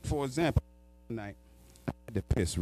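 A man's voice: medium pitch, animated, normal speed, dark tone, no echo, soft background music. A man hosting a podcast, telling stories in a casual, profane and laid-back way. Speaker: podcast host. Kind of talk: casual storytelling chat.

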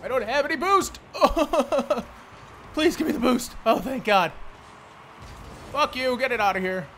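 A young man commentating his own gameplay, frustrated, swearing and yelling at his teammates. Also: very high-pitched, animated, moderate pace, slight background noise. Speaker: gameplay streamer.

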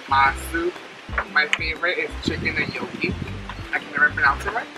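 A man's voice: a little high, brisk, poor audio. A man co-hosting a food vlog, chatting playfully and teasing his companion while they eat outdoors. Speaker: co-host dining companion. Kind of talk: casual chat while eating. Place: outdoors beside a restaurant with waterfalls. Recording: music playing under the voice.

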